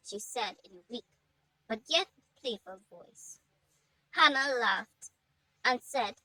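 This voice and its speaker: Storybook narrator: a woman with a high voice reading expressively, dry close recording. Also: slow pace, dry recording, rough recording. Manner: expressive read-aloud storytelling.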